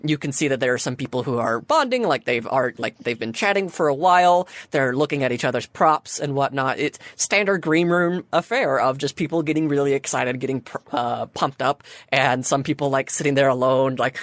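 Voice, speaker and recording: A woman narrating as game master of a tabletop game, in a relaxed, chatty way. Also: a bass voice, normal speed, dry recording.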